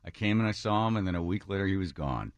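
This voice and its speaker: A low-voiced man on talk radio tells a family story with lively, swinging pitch, acting out the voices of others. The studio sound is dry and close. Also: fast, no room sound. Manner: animated, acts out quotes of others. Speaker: radio talk show host.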